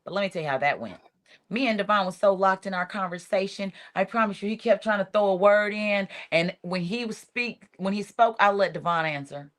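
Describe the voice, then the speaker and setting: A woman telling a lively story, acting out what other people said. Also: mid-range voice, moderate pace. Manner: animated, acts out quotes of others. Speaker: reality show cast member, guest. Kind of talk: casual storytelling in an interview.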